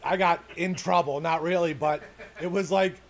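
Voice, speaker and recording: A man's voice: a little high, fairly even intonation, moderate pace. A man co-hosting a podcast, chiming in and laughing through casual chat. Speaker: podcast co-host.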